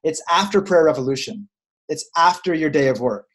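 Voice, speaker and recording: A man's voice: a little high, lively intonation, moderate pace, fairly bright tone. Earnest man giving spiritual talk. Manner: earnest, searching, repeats phrases. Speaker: spiritual coach.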